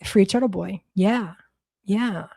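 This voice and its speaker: A woman's voice: medium pitch, slow, creaky, warm tone, breathy edge, no echo. A woman from Massachusetts with a Boston accent, chatting bluntly and profanely on a livestream, rambling with lots of restarts. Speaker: livestream host. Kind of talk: casual livestream chat.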